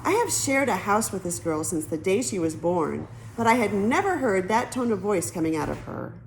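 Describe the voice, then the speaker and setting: Lively woman reading a children's novel. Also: mid-range voice, moderate pace, gravelly, a little hiss or hum, low-quality recording. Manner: lively storytelling, switches into character voices. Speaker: audiobook narrator.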